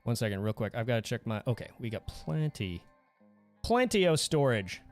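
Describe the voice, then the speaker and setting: A man hosts a casual livestream from a desk mic at home, goofy and quick to laugh as he answers his viewers. His pitch swings widely from line to line. Soft music plays faintly behind him. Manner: goofy, animated, reads chat aloud and laughs often. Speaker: livestream host.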